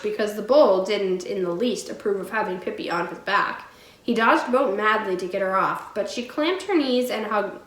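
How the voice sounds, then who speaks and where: A woman teacher reading a storybook aloud in a clear, steady storytelling voice. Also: mid-range voice, reverberant, rough recording.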